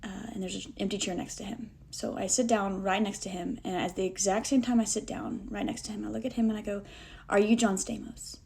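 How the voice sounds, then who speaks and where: A woman recounting a personal story straight to the camera in a relaxed, chatty vlog style. She keeps it lively and self-deprecating and slips into acting out the dialogue as she tells it. Her voice sits at a middle pitch for a woman. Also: quick pace, vocal fry, hardly any pauses, slightly rough. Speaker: vlogger telling a personal story.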